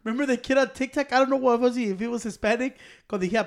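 A man's voice: very high voice, lively intonation, very fast. A man bantering in a teasing, crude, joking way, mixing English and Spanish.

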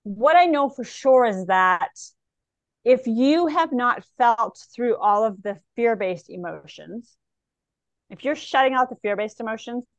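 A woman, a psychic medium, talking in an interview, animated and slipping into the voices of the people she describes. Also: fairly high pitch, a little slow, dry recording, dull audio. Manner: animated, acts out clients' voices in quotes. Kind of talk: conversational interview talk.

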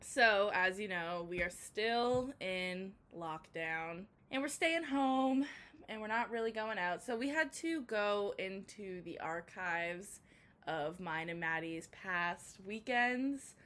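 A woman's voice: mid-range voice, lively intonation, slow, a bit bright. A young woman from Canada co-hosting a laid-back podcast. She tells stories in a playful way and drops swear words casually. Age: young adult. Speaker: podcast co-host. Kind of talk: casual chat.

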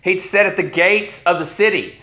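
A man's voice: sits high, normal speed, sharp tone. A man in his fifties preaching a sermon, retelling a story with wry asides. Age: 50s.

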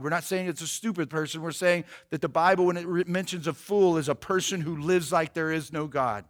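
A man's voice: on the high side, a little fast, few pauses. A man preacher retelling a Bible story in a casual, slangy, conversational way with asides.

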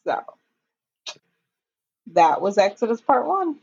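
Husky, slow-talking woman recapping. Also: mid-range voice, big pitch swings, darkish tone. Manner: unhurried retelling with frequent ums. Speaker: podcast co-host. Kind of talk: casual episode recap. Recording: dull lo-fi audio.

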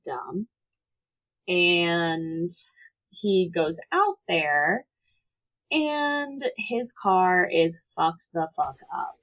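Slow-talking woman recapping a film. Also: lowish voice, fairly bright tone, rough recording. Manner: unhurried, profane retelling with many "like" fillers. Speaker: podcast co-host. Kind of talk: casual movie recap chat.

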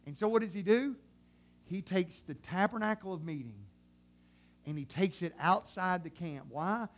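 High-voiced preacher, animated and dramatic. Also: male voice, unhurried. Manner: dramatic and animated, swinging from shouts to hushed tones; colloquial, acts out God's voice. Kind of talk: sermon.

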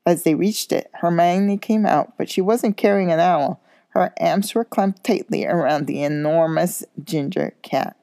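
A woman reading a children's novel aloud, steady but with small slips and corrections. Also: fairly low pitch, measured pace, dry recording, studio quality. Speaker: school coach reading aloud.

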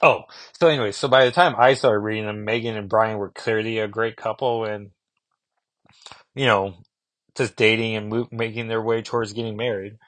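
A man's voice: lowish voice, fairly even intonation, moderate pace, fairly bright tone, no echo. A man in his thirties chatting casually in a rambling way, reviewing comic books, with frequent fillers.

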